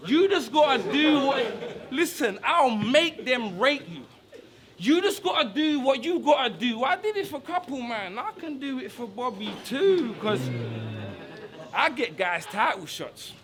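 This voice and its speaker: A battle rapper with a very high, bright and forceful voice, firing off aggressive, taunting bars. He delivers them slowly and deliberately, shouting his punchlines in an indoor event hall. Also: sing-song. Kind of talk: live rap battle verses.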